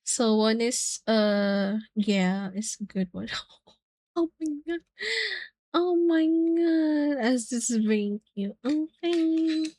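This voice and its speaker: In a dry recording, a young woman with a fairly high voice chats casually with friends on a stream at a slow pace. She giggles and squeals, gushing with excitement.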